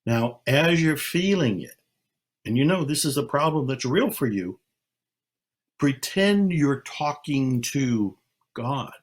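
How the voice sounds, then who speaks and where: An older man speaking slowly and calmly, leading a guided meditation with long pauses. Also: mid-range voice. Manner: slow, calm, soothing, with long pauses. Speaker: self-help speaker. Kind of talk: slow guided meditation talk.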